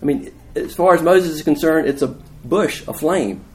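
A man's voice: on the high side, animated, moderate pace, darkish tone. A man preaching a sermon in a conversational, emphatic way, asking the listeners questions. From United States.

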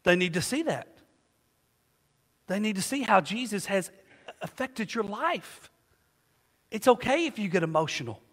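A man's voice: high voice, big pitch swings, a little slow, pauses often. A man preaching a sermon as pastor. He keeps asking the congregation to finish his sentences. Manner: call-and-response preaching, asks the congregation to fill in words. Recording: long hall reverb.

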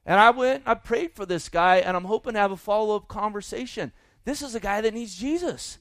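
A man's voice: high voice, fast, fairly bright tone, dry recording. A man preaching a sermon as pastor, folksy and emphatic, with asides to the congregation.

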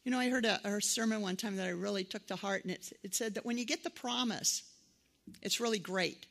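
Middle-aged female preacher, conversational sermon, gravelly tone, animated when quoting others. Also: medium pitch, brisk. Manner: conversational, animated quoted voices. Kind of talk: sermon with personal stories.

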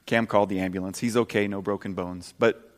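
A man in his fifties preaching a sermon earnestly, dropping soft and low, then rising loud and emphatic. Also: fairly even intonation, a little fast, big-room sound. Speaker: pastor.

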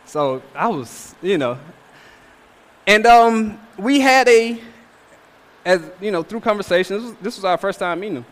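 A young man in his twenties delivers a sermon with a high, lifted voice, driving his points home with repetition and a recurring "all right?". His words ring out with a long reverb through a church sanctuary. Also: lively intonation, moderate pace, long pauses, a bit bright. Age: 20s. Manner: emphatic, repeats phrases with rhetorical "all right?". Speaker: preacher.

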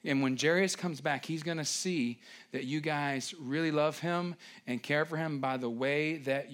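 A man preaching a sermon with a slightly high voice. He talks in an animated, chatty way and turns often to speak to the congregation. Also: moderate pace. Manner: animated, conversational preaching with asides to the audience.

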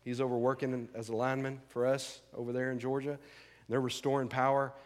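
A man's voice: mid-range voice, little pitch movement, brisk. A male pastor preaching a sermon in a folksy, conversational way, asking the congregation questions. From rural American South. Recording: long hall reverb.

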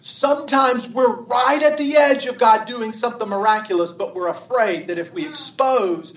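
A man's voice: very high-pitched, moderate pace, a bit bright, roomy sound, distant mic, poor audio. A man preaching a sermon as pastor, in a conversational, restarting style.

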